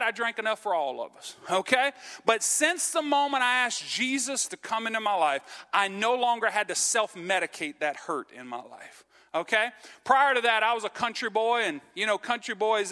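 A man preaching in an earnest, conversational way, checking in with the congregation and calling for amens. His voice sits high for a man and rings bright and forceful. The sound carries the long reverb of a church hall. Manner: earnest, repeats "okay?" and calls for amens. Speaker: pastor. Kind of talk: sermon. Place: church sanctuary.

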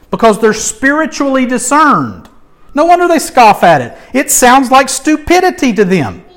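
A male preacher with a high voice that leaps up and down as he urges his listeners on. He swings between loud, emphatic calls and quiet, confiding asides. The delivery is lively and full of emphasis. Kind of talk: sermon.

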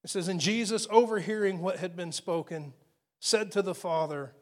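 A man preaching a sermon, retelling a scripture story with emphatic repetition and dropping to a hushed near-whisper for quoted lines. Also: high voice, normal speed.

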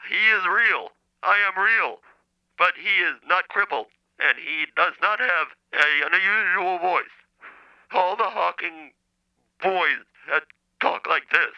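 A robotic speech-synthesizer voice playing an indignant male caller, flat and clipped. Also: sits high, takes it slowly, muffled recording. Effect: computer speech synthesizer.

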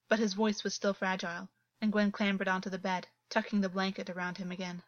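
A woman narrating a story in a steady, earnest reading voice, on a dull, lo-fi recording. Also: mid-range voice, brisk, hardly any pauses, no echo. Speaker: audiobook narrator.

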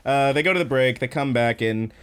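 A man co-hosting a podcast, casually recapping an anime episode with lots of fillers and quick laughs. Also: mid-range voice, a bit bright, smooth. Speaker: podcast co-host.

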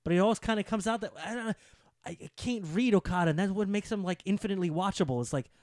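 A man co-hosting a casual wrestling podcast, excitable and rambling, with jokey asides. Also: high voice, very fast, no echo, studio quality. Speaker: podcast co-host.

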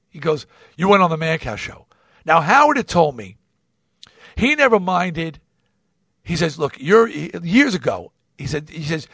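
Guy host telling a story, bouncy up-and-down voice, kinda high, acts out the back-and-forth, swears a lot. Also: dry recording, studio quality. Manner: animated, acts out quoted dialogue, swears freely. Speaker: podcast host. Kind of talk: casual storytelling monologue.

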